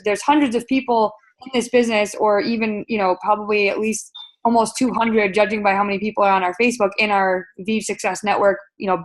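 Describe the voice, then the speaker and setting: A woman leading a webinar sales training, speaking in an upbeat, coaching way with many fillers and repeated words. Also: mid-range voice.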